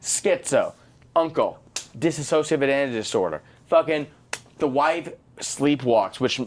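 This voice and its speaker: Guy cohosting a movie podcast, swears a lot, acts out the scenes, pretty lively. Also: mid-range voice, measured pace, slight background noise. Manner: animated, profane, acts out scenes. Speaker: podcast co-host. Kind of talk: casual movie review chat.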